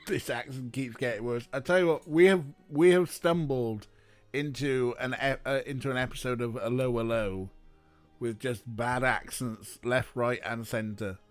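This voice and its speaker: A man's voice: medium pitch, fairly even intonation, unhurried. Sarcastic streamer guy joking over a mystery game, faint music behind. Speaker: let's play streamer. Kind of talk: casual gameplay commentary.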